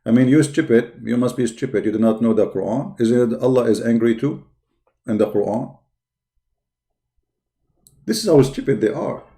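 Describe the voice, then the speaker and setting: A man's voice: mid-range voice, moderate pace, pauses often, warm tone. Taunting man. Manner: taunting, challenging viewers to call in. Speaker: live stream debate host. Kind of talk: mocking live stream talk.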